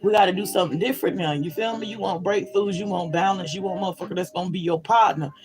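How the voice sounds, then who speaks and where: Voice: medium pitch, quick pace, over music, rough recording. A spiritual reader giving a blunt, profane and emphatic pep talk to viewers, often checking in with "you feel me?".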